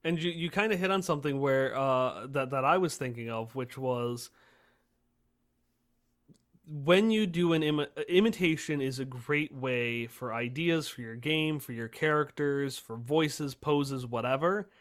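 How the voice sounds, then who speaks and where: A man who runs tabletop games, explaining his approach in casual podcast chat with lively energy. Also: medium pitch, unhurried. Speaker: tabletop game master.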